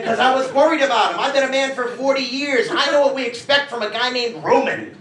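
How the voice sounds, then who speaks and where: A man's voice: very high voice, expressive, quick pace, few pauses. A man of forty doing a stand-up comedy set, wry and self-mocking, often acting out the voices of people he quotes. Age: 40s. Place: comedy club stage before a laughing crowd. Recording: roomy club audio from a distance, crowd laughter.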